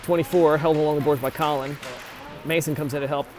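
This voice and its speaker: At an ice rink, an amateur commentator gives casual, chatty play-by-play of a youth hockey game, often correcting himself on player names. He talks fast with a fairly high voice and fairly even intonation over a noisy background.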